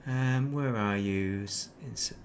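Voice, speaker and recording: A man's voice: fairly low pitch, a little slow, a little hiss or hum. A British man streaming a game, giving casual commentary and muttering and swearing at it as he plays.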